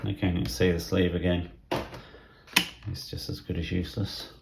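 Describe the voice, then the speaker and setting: A middle-aged man from England giving casual hobby unboxing commentary, thinking aloud in a soft, half-whispered way with plenty of fillers. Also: deep voice, flat delivery, normal speed, vocal fry, heavy background noise. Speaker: model railway vlogger.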